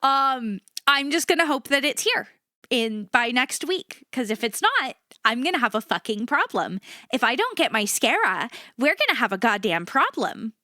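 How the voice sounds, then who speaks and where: A woman streamer chats casually, ranting and swearing in a joking, self-mocking way. Her voice is bright and high and moves around a lot. The sound is close and dry, with no room echo. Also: sing-song, moderate pace. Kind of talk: casual chat.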